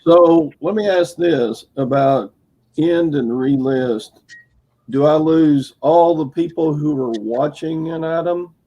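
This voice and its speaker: A man's voice: a little high, slow, dark tone, muffled recording. A man co-hosting a casual online show, talking in an easygoing, drawling way. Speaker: co-host. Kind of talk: casual chat.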